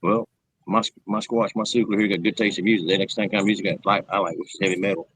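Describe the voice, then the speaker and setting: Laughing man, low voice. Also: fast, slightly rough, no room sound, rough recording. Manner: rambling, laughs often, animated storytelling. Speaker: show host. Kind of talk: casual chat.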